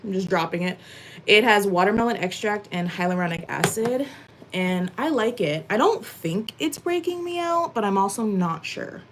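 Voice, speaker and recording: A woman's voice: mid-range voice, lively intonation, moderate pace, a little hiss or hum. A young woman from Massachusetts chatting casually with viewers while doing chores, rambling with lots of "like" and "um," a little out of breath. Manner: chatty, rambling, many "like" and "um" fillers. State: a bit out of breath. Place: at home.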